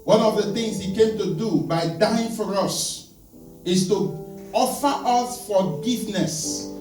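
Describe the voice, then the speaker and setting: A man preaching in a very high voice, calling out to his congregation for replies. His sermon rings through a reverberant church hall, picked up from a distance with guitar music clearly playing behind him. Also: slow pace. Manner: emphatic call-and-response preaching, demonstrating with helpers. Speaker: pastor.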